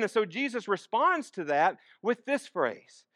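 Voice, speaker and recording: A man's voice: sits high, animated, unhurried, few pauses, bright, forceful tone, no room sound, studio quality. A man preaching a sermon, asking the congregation questions and repeating key phrases. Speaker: pastor.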